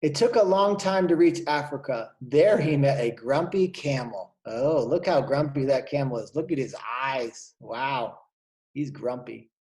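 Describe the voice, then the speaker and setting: A man, a kindergarten teacher, reading a picture book aloud to young children and pausing to point out the pictures. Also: medium pitch, a little mellow.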